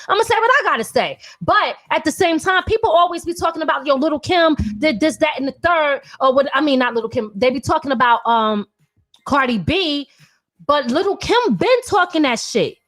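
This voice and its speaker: Woman, thirties, high voice, blunt, profane, animated podcast chat. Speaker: podcast host, independent artist. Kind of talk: casual opinionated talk.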